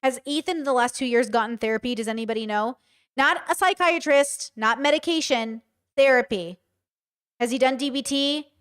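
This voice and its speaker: A woman's voice: sits high, normal speed, a bit bright, clean tone. A woman streaming casual live commentary, talking bluntly and with emphasis straight to her chat. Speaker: streamer reacting to a show.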